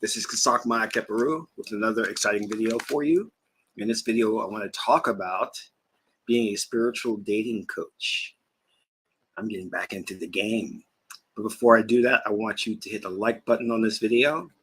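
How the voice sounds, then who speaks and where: This man runs his own channel as a spiritual teacher, and his voice is on the low side, fairly bright and slightly rough, at a moderate pace. He rambles casually in a vlog-style chat, laughing as he goes and sometimes eating while he talks.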